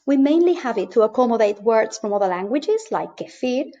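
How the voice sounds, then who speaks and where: A fairly high-voiced woman teaches over slides in a mellow, warm tone. She speaks clearly and patiently and slows down to model each sound. The voice-over sounds dull and lo-fi. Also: big pitch swings. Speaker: language teacher.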